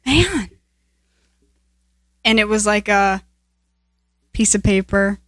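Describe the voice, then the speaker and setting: A young woman co-hosting a podcast, telling stories in casual chat, animated and laughing often. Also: medium pitch, slow, dry recording, clean studio sound. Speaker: podcast co-host.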